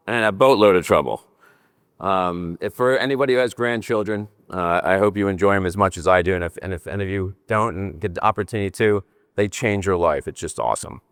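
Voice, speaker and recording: An older man from New Jersey delivers a conference talk in a lowish voice, animated and joking, gesturing as he speaks. The sound is dry and close, with no room echo. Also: smooth. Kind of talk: conference presentation.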